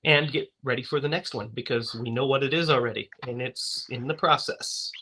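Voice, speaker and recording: A man's voice: mid-range voice, brisk, pushed and bright, slight background noise. A man hosting a casual horror movie podcast, upbeat and laughing often. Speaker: podcast host.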